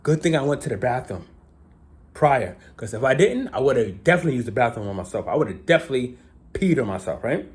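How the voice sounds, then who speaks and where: A man's voice: medium pitch, brisk. A man vlogging a casual storytelling monologue. He retells events dramatically and keeps asking "right?". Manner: animated, repeats "right?" often, dramatic retelling.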